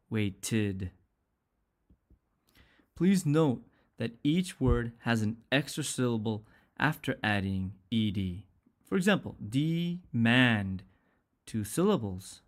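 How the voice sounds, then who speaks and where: A man teaching an English pronunciation lesson, speaking carefully and repeating sounds and example words one at a time. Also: mid-range voice.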